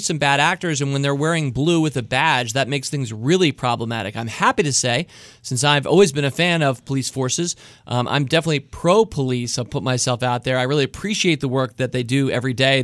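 A man's voice: mid-range voice, fairly bright tone, no echo, studio quality. A man from the United States hosting an investing podcast, talking in an enthusiastic, chatty way. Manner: chatty, enthusiastic, jokes about his fake Spanish accent. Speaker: podcast host. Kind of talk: casual investing podcast chat.

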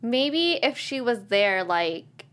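A young woman co-hosting a casual podcast, playful and quick to agree and laugh. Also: on the high side, big pitch swings, a bit bright. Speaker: podcast co-host. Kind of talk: casual chat.

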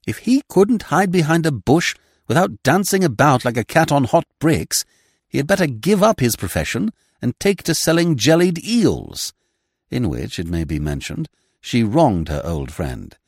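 A man reading a classic comic novel aloud in measured, expressive narration. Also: mid-range voice, slightly rough, dry recording, studio quality. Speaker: audiobook reader.

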